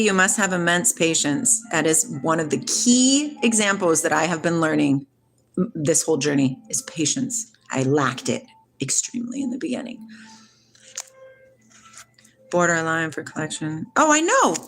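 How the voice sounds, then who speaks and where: A woman hosting a casual spiritual livestream, talking back to her chat in an excitable, preachy way. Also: fairly low pitch, moderate pace, faint music behind. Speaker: livestream host reading chat.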